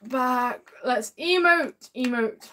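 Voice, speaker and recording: A woman live-streams a game, commenting as she plays and chatting warmly and excitably with viewers while drawling a repeated sing-song catchphrase. Her voice sits high and she speaks slowly.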